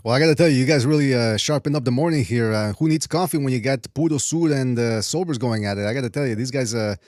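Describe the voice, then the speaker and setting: A man hosting a livestream, trying to calm two guests, with lots of uhs and repeated phrases. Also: mid-range voice, fast talker, dry recording, studio quality. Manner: stammering filler, repeats "I gotta tell you". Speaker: stream host.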